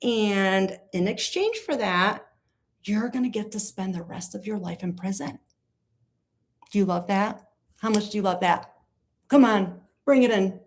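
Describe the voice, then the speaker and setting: A woman's voice: fairly high pitch, measured pace, natural voice. A woman putting on a syrupy, patronizing female lawyer who coaxes a client in a mockingly sweet, sing-song way. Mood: mock-sweet.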